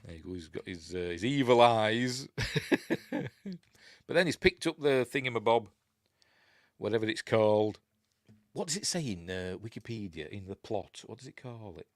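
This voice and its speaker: A man's voice: lowish voice, expressive, moderate pace, no room sound, clean studio sound. A man with a Yorkshire accent hosting a casual film review, rambling, chuckling and often losing his place.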